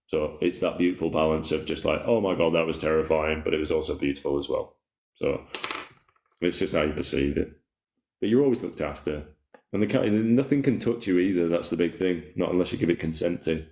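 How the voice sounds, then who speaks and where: A man with a low, deep voice chats at a relaxed pace on a live stream, rambling and reading out viewer comments. His voice rings around an echoey room. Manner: rambling, laid-back, reads chat comments aloud. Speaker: livestream host. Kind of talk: casual spiritual livestream chat.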